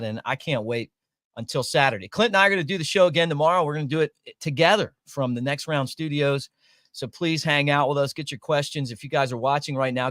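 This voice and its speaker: A man hosting a sports talk show, emphatic and lively as he talks. His voice sits a little high. The sound is dry and close. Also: no echo. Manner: animated, emphatic.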